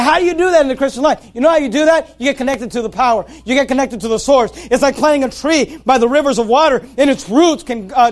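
Man, preacher, very high voice, emphatic, repeats himself, quotes scripture. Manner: emphatic, repetitive, quotes scripture in King James wording. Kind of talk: sermon.

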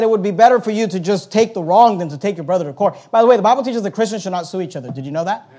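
High-voiced preaching man in his thirties. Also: lively intonation, very fast. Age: 30s. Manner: swings between shouted scripture reading and quiet asides. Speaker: pastor. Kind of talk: sermon.

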